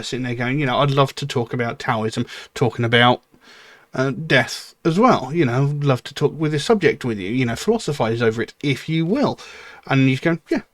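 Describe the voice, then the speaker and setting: A man of middle pitch talks through his thoughts on a song he has just heard. He muses out loud, pauses often and fills the gaps as he goes. The room sound is dry and close, with no echo. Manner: musing, thinks aloud with frequent fillers. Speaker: music reaction channel host. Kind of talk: casual spoken commentary.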